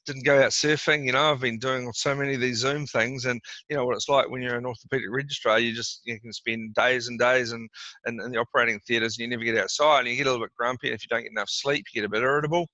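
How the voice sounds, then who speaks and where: A man's voice: medium pitch, fairly even intonation, fast, pushed and bright, no room sound. A middle-aged man, a doctor talking casually in an interview, often repeating words and acting out exchanges. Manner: conversational, repeats words, acts out quoted exchanges. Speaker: doctor giving advice. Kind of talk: casual explanatory interview talk. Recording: dry, dull lo-fi sound.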